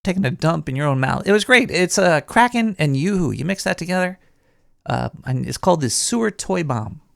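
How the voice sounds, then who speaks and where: A jittery, paranoid sewer rat hosting his own late-night call-in show, as a man puts on the voice. His mid-pitched voice is gravelly with a creaky edge, and he rambles and restarts his sentences. The sound is dry and close, with no room around it. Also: animated, brisk, dry recording. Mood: rambling. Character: paranoid male cartoon sewer rat host. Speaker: radio show host.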